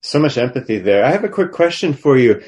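A man's voice: medium pitch, big pitch swings, fast, darkish tone, lo-fi sound. A man taking part in a casual group discussion, reflective and hesitant. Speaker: discussion participant.

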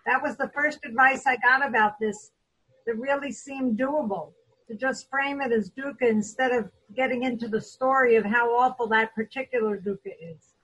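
A woman's voice: a little high, moderate pace, fairly bright tone, slightly rough, low-quality recording. A woman student speaking earnestly and reflectively about advice she found helpful. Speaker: student asking a question.

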